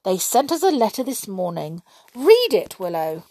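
A woman's voice: medium pitch, big pitch swings, moderate pace, mellow, no echo. A woman voicing a bold, impatient little water sprite.

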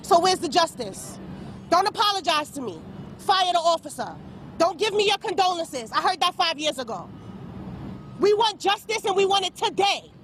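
A woman's voice: very high-pitched, big pitch swings, normal speed, a bit bright, a little hiss or hum. A woman giving an angry, impassioned statement outdoors, insistent and repeating her demands. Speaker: protester speaking to press.

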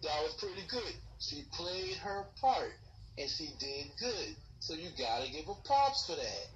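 A man's voice: a little high, big pitch swings, unhurried, recorded from a distance, lo-fi sound. A man co-hosting a casual podcast, rambling in slangy talk and laughing easily. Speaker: podcast co-host. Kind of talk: casual chat.

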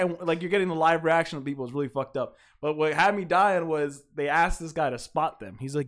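Profane, animated man telling stories. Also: fairly high pitch, fairly quick, hardly any pauses. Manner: profane, animated storyteller, laughs often. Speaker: podcast co-host. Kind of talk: casual drunk podcast chat. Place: apartment.

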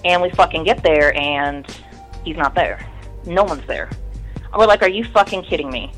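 A woman's voice: low-pitched, moderate pace, faint music behind, poor audio. A woman in her thirties, a guest in an interview, telling her story in a candid, rambling way and swearing often.

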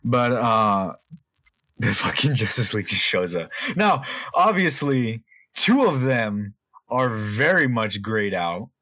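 A man's voice: medium pitch, very animated, slow, sharp tone, no echo. A man co-hosting a podcast, chatting casually, rambling with lots of fillers and swearing freely. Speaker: podcast co-host. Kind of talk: casual chat.

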